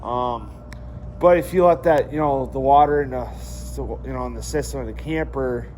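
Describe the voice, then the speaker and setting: In this casual vlog, a young man rambles along at a normal speed, leaning heavily on fillers and cursing freely. His voice is mid-pitched with a slightly dark tone, and faint background noise hums underneath.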